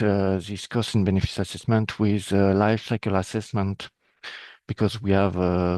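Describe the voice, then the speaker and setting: Male presenter, low gravelly voice, halting delivery with many fillers. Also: a little mellow, dry recording. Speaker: presenter from a vine and wine institute. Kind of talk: webinar presentation.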